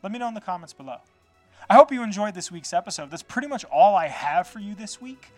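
A man's voice: high-pitched, expressive, fast, darkish tone, soft background music. A man hosting a podcast, chatting casually and rambling loosely, with plenty of swearing and filler words. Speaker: podcast host. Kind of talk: casual solo podcast chat.

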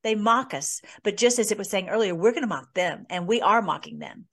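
A woman with a middle-pitched voice, lively intonation and a fairly quick pace hosts an informal Bible teaching. She reads scripture aloud and then discusses it in an earnest, casual way, sometimes pausing to search for words.

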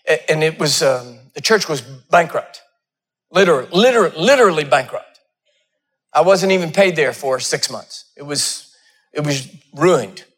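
High-voiced man preaching with dramatic swings. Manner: dramatic storytelling, swings between loud peaks and hushed asides. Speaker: pastor. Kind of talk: sermon.

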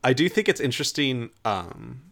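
A man's voice: mid-range voice, expressive, moderate pace, creaky, a bit bright. A man co-hosting a podcast, talking through a film in a casual, analytical way with some hesitant fillers. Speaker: podcast co-host.

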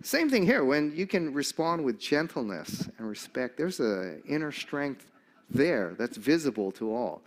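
A man's voice: medium pitch, a little slow. An older man preaching a sermon, telling stories animatedly and acting out the voices of the people he quotes. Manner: animated storyteller, acts out quoted voices, chuckles often.

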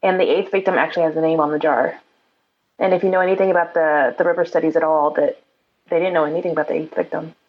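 Low-voiced woman on a dull headset. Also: steady tone, fast. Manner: eager, questioning. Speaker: player. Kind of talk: tabletop role-play.

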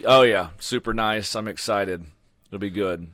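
Man, podcast guest, lowish pitch, bright edge, dry sound, laid-back. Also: a little slow, no room sound. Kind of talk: casual podcast chat.

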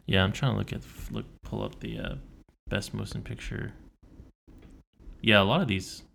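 A young man co-hosting a podcast, relaxed and quick to laugh. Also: fairly low pitch, creaky, a little hiss or hum. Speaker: podcast co-host. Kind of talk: casual chat.

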